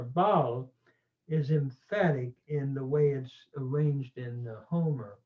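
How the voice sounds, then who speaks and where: Man lecturing on grammar, fairly high voice, slow and deliberate, tinny phone-like sound. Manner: slow, deliberate, with many fillers and pauses. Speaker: Greek teacher.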